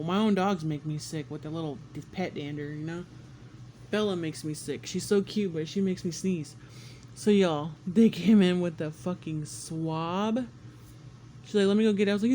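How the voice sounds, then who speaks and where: Guy with a high voice telling a sick-day story, swears a lot, faint room noise behind. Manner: animated, swears often, acts out quotes with squeals. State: congested and sick. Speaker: vlogger. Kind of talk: casual storytelling to camera.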